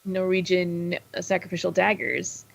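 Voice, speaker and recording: A woman playing a tabletop role-playing game, talking in a playful, halting way with many fillers. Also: on the low side, flat delivery, gravelly. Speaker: player. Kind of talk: casual tabletop play.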